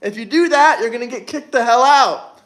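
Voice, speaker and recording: A man's voice: very high-pitched, normal speed, a bit bright. A young man hosting a casual livestream, reading viewer comments and answering them bluntly, with plenty of swearing and rambling. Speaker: livestream host.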